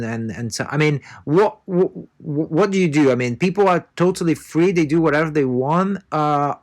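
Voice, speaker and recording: A man hosting a podcast, asking his guest long, searching questions that circle around before landing. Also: medium pitch. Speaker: podcast host. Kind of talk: interview questions.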